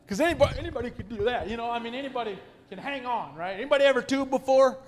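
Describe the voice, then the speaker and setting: Guest speaker, male, 40s, high voice; animated self-deprecating storyteller working a church audience. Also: rapid-fire. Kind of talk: humorous storytelling to a congregation.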